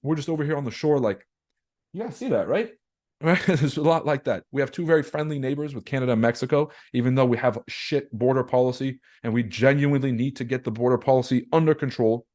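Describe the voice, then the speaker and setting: A young man runs a casual livestream about markets, blunt and slangy, throwing rhetorical questions at his viewers. His voice sits at a middle pitch with a dark, mellow tone. He swears freely and keeps an easygoing, off-the-cuff delivery. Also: fast. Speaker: trading webinar host.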